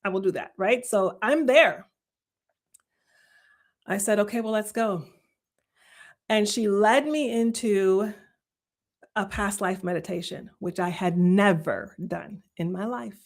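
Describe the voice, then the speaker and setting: A middle-aged woman hosts a live stream and tells her story straight to viewers. She laughs often, acts out what she and others said, and repeats lines to drive them home. Her voice sits at an ordinary pitch. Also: takes it slowly, long pauses. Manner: animated, laughs often, quotes herself, repeats phrases for emphasis. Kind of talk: casual storytelling to a live audience.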